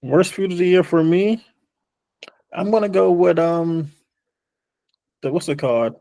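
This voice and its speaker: A man's voice: high voice, a little slow, creaky, dark tone, dry recording. A man co-hosting a podcast in casual chat, blunt and profane, often tagging lines with "man". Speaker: podcast co-host.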